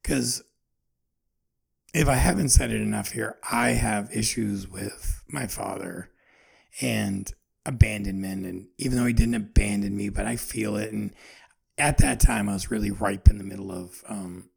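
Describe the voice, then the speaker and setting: Gravelly man in his forties musing. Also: fairly low pitch, measured pace, a little mellow. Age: 40s. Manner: rambling, earnest, self-searching. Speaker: podcast host. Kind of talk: personal reflective monologue.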